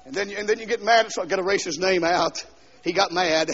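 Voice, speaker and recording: A man preaching a fiery revival sermon, dropping to quiet asides and then shouting and singing out lines, heard on a dull 1970s LP recording from a church. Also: high-pitched, fast talker. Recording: dull 1970s LP recording with long hall echo.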